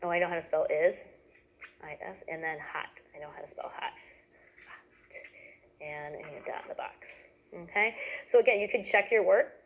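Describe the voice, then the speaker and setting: Lady teacher walking other teachers through a lesson, low-ish voice with some fry, keeps asking okay?. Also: moderate pace, long pauses, rough recording. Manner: patient, step-by-step, frequent "okay?" check-ins. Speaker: teacher trainer.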